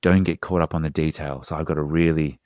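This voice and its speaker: Male therapist guest, low voice, earnest and explanatory, dry close-miked studio sound. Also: fairly even intonation, quick pace, darkish tone, dry recording. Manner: earnest, explanatory, slangy asides. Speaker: hypnotherapist guest. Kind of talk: casual podcast conversation.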